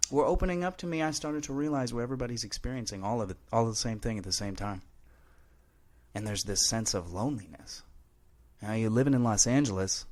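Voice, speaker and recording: A young man hosting a podcast, talking earnestly and emphatically to his listeners, often calling them man and brother. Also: mid-range voice. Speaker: podcast host. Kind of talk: heartfelt motivational podcast monologue. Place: Los Angeles.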